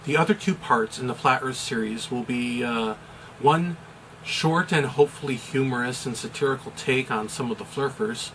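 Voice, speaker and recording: Man from the US, chaplain, bright tone, medium pitch, deliberate explanatory commentary. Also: slight background noise, poor audio. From United States. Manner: measured, deliberate, with occasional fillers. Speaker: chaplain and pastor.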